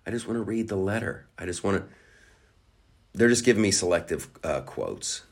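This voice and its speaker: Male podcast host, lowish voice, crude sarcastic rambling delivery. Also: lively intonation, normal speed, vocal fry. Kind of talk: crude comedic rant.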